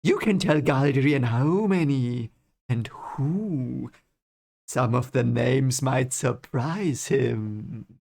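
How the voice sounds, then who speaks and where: A man voicing a scheming, contemptuous nobleman, drawing out each word slowly with a sneer. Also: medium pitch, creaky, a little mellow, exaggerated voice. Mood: sly. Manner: slow, drawn-out, sneering delivery. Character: scheming contemptuous male nobleman, a sly count.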